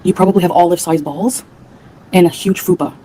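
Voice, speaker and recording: A woman's voice: fairly low pitch, fairly even intonation, fast talker, over a noisy crowd, low-quality recording. A woman from Canada ranting angrily on a livestream, profane and heated, answering her chat. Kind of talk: angry livestream rant.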